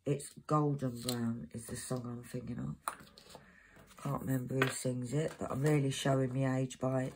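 A crafting-channel host with a very deep voice speaks at a moderate pace with little pitch movement. Chatty and rambling, she reads out codes as she works, against a noisy background full of loud packet crinkling.

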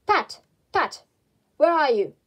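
A woman's voice: high-pitched, lively intonation, fast talker, darkish tone. A woman voicing a fussy, bossy male rabbit who scolds and barks orders. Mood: angry.

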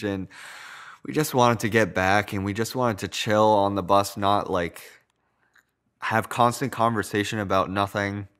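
Smooth low-voiced young man telling stories. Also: a bit bright. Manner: rambling, many filler words. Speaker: storyteller. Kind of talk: casual storytime narration.

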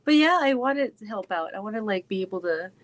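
A woman's voice: mid-range voice, lively intonation, fairly quick. A woman chatting casually with viewers on a live stream from her phone, bubbly and effusive, often slipping into a little kid voice.

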